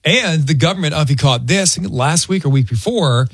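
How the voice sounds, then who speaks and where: A man's voice: on the high side, expressive, fast, husky, no room sound, studio quality. A man hosting a morning radio show, chatting casually and playfully and running a quiz game.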